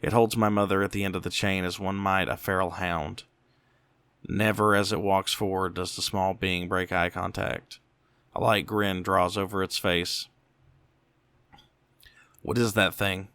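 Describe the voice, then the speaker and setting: A man with a very low voice narrates a scripted first-person horror story. He reads slowly and deliberately. The recording is close and dry. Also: little pitch movement, fairly bright tone, clear, resonant tone, no room sound.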